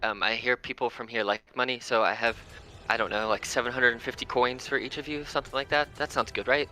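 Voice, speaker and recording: A man's voice: medium pitch, steady tone, fast, sharp tone, soft background music, voice pushed up, close to an everyday voice. A man doing a rambling white rabbit. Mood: offhand. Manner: rambling, full of fillers. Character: rambling offhand talking white rabbit, male.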